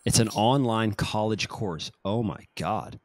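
A man with an American accent co-hosting a podcast in casual chat, animated and quick to laugh. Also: on the low side. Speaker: podcast co-host.

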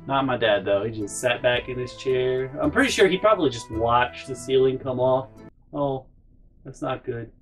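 A man's voice: medium pitch, normal speed, few pauses, soft background music. A man hosting a storytime vlog, rambling and swearing as he tells family anecdotes. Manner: rambling, profane, animated. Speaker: channel host.

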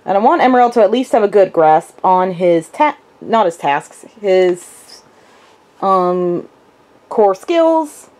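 Woman with a lively, singing voice. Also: medium pitch. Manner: sing-song praise and firm short commands to a dog. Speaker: vlogger training her service dog. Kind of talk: casual vlog talk and dog commands.

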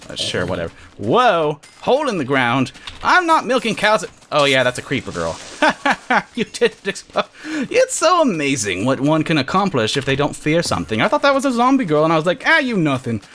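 Excitable, lively man gaming. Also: fairly high pitch, quick pace, a little hiss or hum. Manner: excitable, yelps and shouts at the game, jokey. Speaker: gamer host. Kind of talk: casual let's-play commentary.

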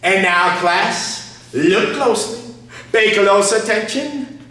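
A man leads a magic lesson in a showman's voice, pausing for drama between lines. His delivery is high and swoops up and down, slow and deliberate. He sounds distant from the mic in a very echoey room. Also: expressive, pushed and bright. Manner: showman patter with dramatic pauses. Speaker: magician and juggler. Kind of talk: theatrical magic lesson for viewers.

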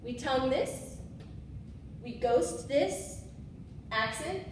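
A woman's voice: sits high, lively intonation, extremely slow, a little mellow, slight background noise. A woman teaching swing phrasing to musicians in a casual way, correcting herself and singing syllables to demonstrate. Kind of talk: instructional demonstration. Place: room with a board. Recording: echoey room, mic set far off.

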